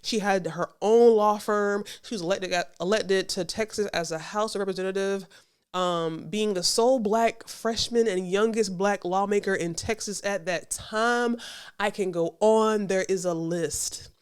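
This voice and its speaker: A woman's voice: medium pitch, unhurried, smooth. Sassy, emphatic woman podcast host. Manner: emphatic and sassy, repeating phrases; conversational, addresses the listener directly. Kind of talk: reaction commentary monologue.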